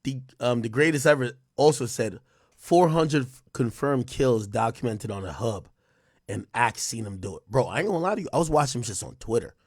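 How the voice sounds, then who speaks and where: A man hosting a live stream, reading out donations in loose, profane, casual chat with loud excited bursts. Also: medium pitch, brisk, breathy edge, no echo, studio quality.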